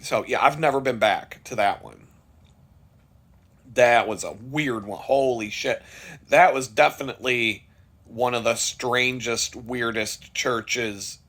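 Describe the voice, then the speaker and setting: A man's voice: medium pitch, slow, fairly bright tone. A man vlogging, telling a story in a blunt, profane, casual way and laughing at it.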